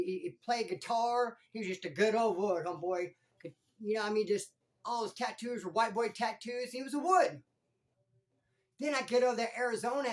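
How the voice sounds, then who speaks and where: A former prisoner hosting his own channel, telling stories in animated street slang. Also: high voice. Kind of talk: casual storytelling vlog.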